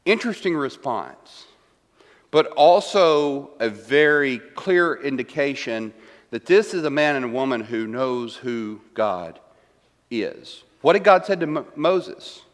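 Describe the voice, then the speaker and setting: A man's voice: mid-range voice, lively intonation, slow pace. A man teaching a Bible class in a church room. He retells scripture in a conversational way, repeats key lines and keeps asking "right?". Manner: conversational, asks rhetorical questions, tags lines with "right?"; paraphrases verses and repeats key lines for emphasis. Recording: reverberant church room, long echo.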